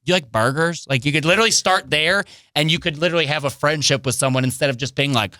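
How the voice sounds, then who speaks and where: Bright-voiced man telling a comic story. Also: fairly high pitch, quick pace, dry recording, clean studio sound. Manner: animated storyteller who acts out other people's lines. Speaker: comedian and guest co-host. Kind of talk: casual podcast chat.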